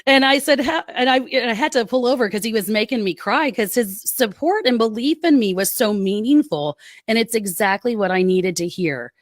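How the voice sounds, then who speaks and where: A woman, a military spouse telling her story in a podcast interview, earnest and quick with asides. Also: on the high side, dry recording. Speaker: guest, military spouse advocate.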